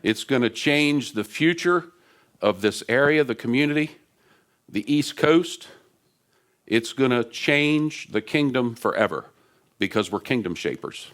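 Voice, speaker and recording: Male guest preacher, casual and excitable, talks loosely into a stage mic in a church. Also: medium pitch, measured pace. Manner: animated and chatty, laughs often. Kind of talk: lively conversational sermon. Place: church sanctuary. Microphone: stage microphone.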